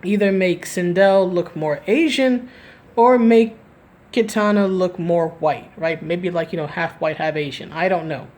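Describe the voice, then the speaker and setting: A woman recorded live at home gives casual opinion commentary for a gaming video, rambling, restarting sentences and tacking "right?" onto them. Her voice is fairly low and darkish, and she talks a little slowly.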